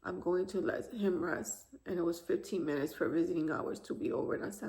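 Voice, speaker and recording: Grieving gravelly-voiced mother, soft and halting. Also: lowish voice. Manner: soft, halting, tearful retelling with quiet pauses. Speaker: grieving mother telling her story. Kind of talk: emotional personal testimony to camera.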